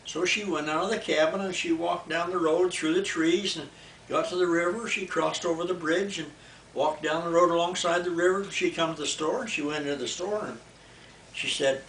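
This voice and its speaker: An older man tells a bedtime story to a grandchild in a folksy, repeating rhythm, his voice fairly high. He sits far from the mic in an echoey room. Faint noise runs behind him. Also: normal speed, fairly bright tone.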